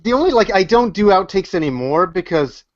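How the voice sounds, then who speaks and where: A man's voice: high-pitched, sing-song, fairly quick, dry recording. A Canadian man talking on a casual podcast, joking and rambling with lots of fillers and restarts. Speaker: YouTuber and podcast guest. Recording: muffled, lo-fi podcast audio.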